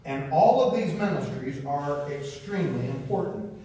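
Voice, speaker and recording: Pastor, folksy and questioning, captured by a distant mic in a reverberant sanctuary. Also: male voice, fairly high pitch, expressive, normal speed, mellow. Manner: folksy, repeats words, asks the congregation questions. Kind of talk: sermon. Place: church sanctuary. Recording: very echoey room, distant from the mic.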